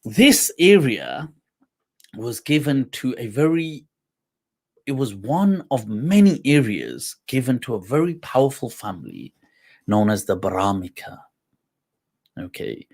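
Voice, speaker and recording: A man hosts a talk show and tells a personal story in a relaxed, casual voice. He laughs often and acts out the voices of the people in it. His pitch sits in the middle for a man and rises high when he gets excited. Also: measured pace, creaky, long pauses. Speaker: host.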